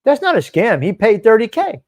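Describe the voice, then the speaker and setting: A man's voice: sits high, sing-song, moderate pace. Rambling man hosting a live stream. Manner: rambling, talks back to chat commenters by name, swears. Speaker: host of a live stream show. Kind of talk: casual live-stream chat reading viewer comments.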